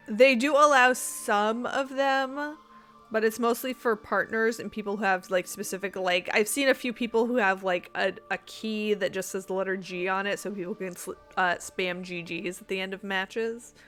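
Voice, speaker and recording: A woman's voice: mid-range voice, fairly even intonation, moderate pace, a bit bright, soft background music. A woman streaming a game, chatting casually with viewers in a rambling, giggly way. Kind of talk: casual live-stream chat.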